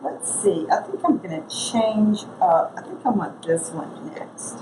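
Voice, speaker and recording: This is a woman's gravelly voice, medium in pitch with a sing-song lilt and a slightly slow delivery. Working through a casual craft demonstration, she chats and thinks aloud as she goes. Echo and noise fill the room.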